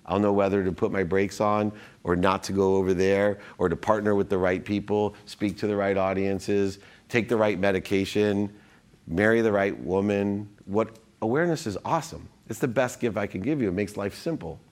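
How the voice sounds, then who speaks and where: A business executive appearing as a podcast guest tells his story and philosophizes energetically, often restarting and interrupting his own sentences. His voice is lowish and a little mellow, with fairly even intonation at a normal speed.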